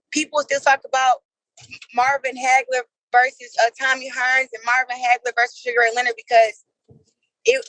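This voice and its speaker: High-voiced woman in a dry, close interview. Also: no echo, rough recording. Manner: animated, laughing storyteller. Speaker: boxer, interview guest. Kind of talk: casual interview chat.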